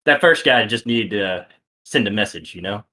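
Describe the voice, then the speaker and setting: A man playing a tabletop role-playing game, casual and playful, dropping low for his character. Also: lively intonation, normal speed, sharp tone. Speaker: player. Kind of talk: tabletop role-play chat.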